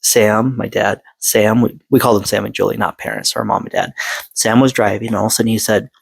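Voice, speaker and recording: A man in his forties speaks straight into a close mic, earnest and halting, stopping and restarting often. The sound is dry and close, with no room behind him. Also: lowish voice, fairly even intonation, creaky, slightly rough, no echo, rough recording. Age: 40s. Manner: halting, with many fillers and restarts. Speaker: vlogger sharing personal story. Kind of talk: earnest personal monologue.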